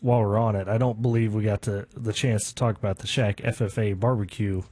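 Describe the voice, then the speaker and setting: A man co-hosting a local radio show, reading sports and community news in a relaxed way with fillers. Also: fairly low pitch, a little fast, no room sound. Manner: relaxed, reads items with fillers. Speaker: radio co-host.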